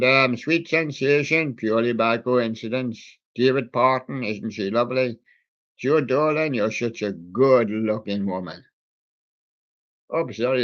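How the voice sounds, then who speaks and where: A man's voice: mid-range voice, fairly bright tone. A man hosting a music show who reels off records and years in a loose, chatty way, slipping puns in between. His voice sits in a middle range and comes through a dull, lo-fi recording. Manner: rambling, wordplay on song titles. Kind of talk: casual record-show chat.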